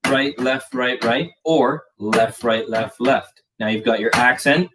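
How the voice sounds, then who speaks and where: A man's voice: mid-range voice, slow. A man giving a casual live drum lesson, explaining patterns in a chatty way with plenty of fillers. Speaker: drum teacher. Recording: distant mic with clear background noise.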